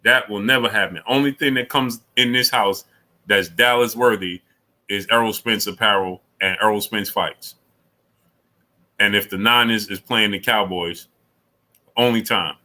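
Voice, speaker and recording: A middle-aged man hosting a casual live stream, reading super chats, repeating himself and climbing high when he argues. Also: unhurried, poor audio. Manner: animated, repeats himself, rises sharply when arguing.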